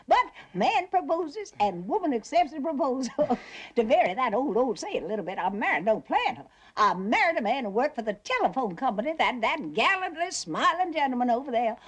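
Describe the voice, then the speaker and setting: An older actress with a Southern American accent playing a chattering, genteel aging Southern mother who laughs often. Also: high-pitched. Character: fluttery aging Southern belle mother, talkative. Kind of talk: television drama acting.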